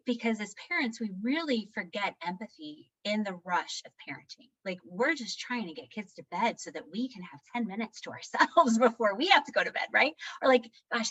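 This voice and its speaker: A middle-aged woman speaking as a guest on parenting, answering questions reflectively and acting out quoted lines. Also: poor audio. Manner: warm, reflective, acts out quotes with shifts in pitch.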